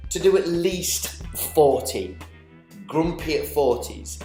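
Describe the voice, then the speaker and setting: A man's voice: a little high, sing-song, slow pace, creaky, warm tone. A man in his forties, a vlogger in a heated, sweary monologue full of stammered restarts and sarcasm. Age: 40s. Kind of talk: angry ranting monologue. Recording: echoey room with faint music.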